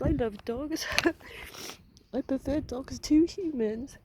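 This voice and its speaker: A woman vlogger crying as she talks through an upsetting experience, halting and laughing through her tears. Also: high-pitched, background noise. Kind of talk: emotional personal vent.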